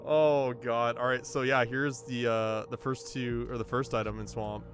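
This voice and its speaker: A man casually commentating a video game race for his chat, excitable and laughing often, with sudden bursts of loud disbelief. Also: medium pitch, normal speed, hardly any pauses, soft background music.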